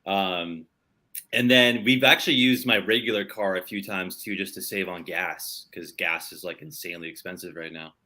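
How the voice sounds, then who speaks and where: A man's voice: deep voice, fairly even intonation, normal speed, pushed and bright. A young man from Los Angeles, a touring musician, chatting casually in an interview over a video call, laid-back and rambling with lots of fillers. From Los Angeles, San Fernando Valley.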